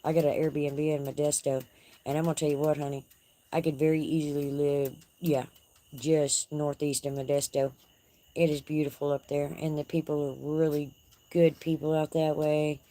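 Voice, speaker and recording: Low-voiced Texan woman chatting on a porch. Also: flat delivery, normal speed, dark tone. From Texas. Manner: folksy, chatty, talks to viewers and pets. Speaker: live-stream host. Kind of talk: casual live-stream chat. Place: outdoor porch at dusk.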